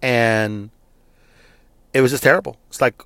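Man, from Texas, frank storytelling, casual, blunt, mid-pitched voice, dry sound. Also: expressive, a little fast, long pauses, no echo. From Texas, United States. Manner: frank, conversational, with blunt swearing. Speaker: interviewee. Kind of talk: personal storytelling.

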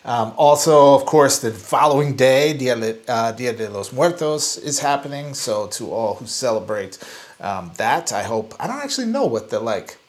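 A man's voice: mid-range voice, expressive, moderate pace. A man co-hosting a podcast, chatting casually in a thoughtful, hedging way with lots of fillers. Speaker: podcast co-host.

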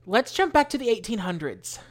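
A woman's voice: on the high side, sing-song, brisk. A woman co-hosting a podcast in casual chat, chatty and wry with self-mocking jokes. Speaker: podcast co-host.

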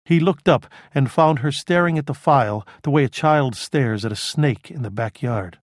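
A man narrating a crime novel audiobook in a steady, measured way. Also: medium pitch, no echo, studio quality. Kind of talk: scripted narration.

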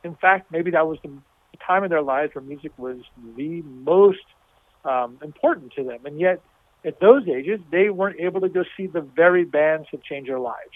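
Higher-voiced man over a tinny line. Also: normal speed, dry recording. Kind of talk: reflective interview chat. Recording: tinny phone-like recording.

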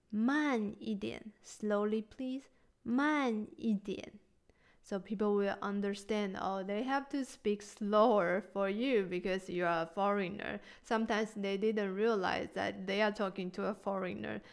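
A woman teaching a language lesson, patient and encouraging, who says each word slowly and repeats it for learners. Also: mid-range voice, clean tone. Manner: gentle, encouraging.

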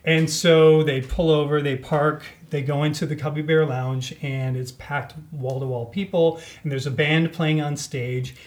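A man telling a personal story in a relaxed podcast conversation, acting out the voices of the people in it. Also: fairly high pitch, measured pace, hardly any pauses. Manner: animated, acts out quoted voices. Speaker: podcast guest. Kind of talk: casual storytelling.

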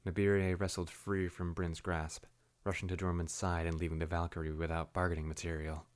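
A man narrating a fantasy story in a steady, measured way. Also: deep voice.

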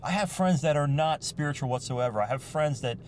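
Man, podcast host, casual monologue in a car: chatty, self-mocking, laughs a lot, fairly high voice, road noise audible. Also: a little fast. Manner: chatty, self-mocking, laughs often, bursts into playful shouts.

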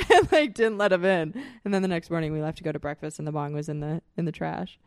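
A young woman spins a rowdy story for her podcast, swearing freely and breaking into laughter. Her voice sits a little low. The sound is dry and close, with no room around it. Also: quick pace, no echo. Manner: profane, animated storyteller, laughs often. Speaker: podcast co-host. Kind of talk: casual chat, storytelling.

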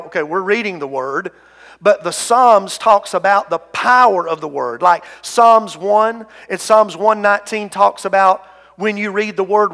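A man preaching from a church pulpit in a high, earnest voice. His delivery drops to a hush and then climbs again, and he often repeats his words. The sound trails off into the long reverb of a large hall. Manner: earnest, swings between hushed and loud, repeats words. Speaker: pastor. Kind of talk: sermon. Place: church sanctuary.

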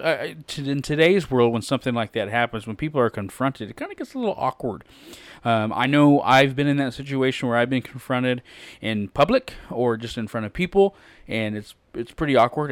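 Male preacher, mid-pitched, chatty, halting delivery with fillers; dry, close sound. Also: dry recording. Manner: conversational, halting with many fillers and restarts; acts out quoted lines with raised voice. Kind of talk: informal sermon.

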